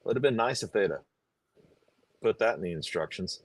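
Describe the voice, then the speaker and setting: A man chatting casually on a live stream, telling a story in halting, rambling bits with many restarts. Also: on the low side, expressive, no room sound. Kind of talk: casual chat.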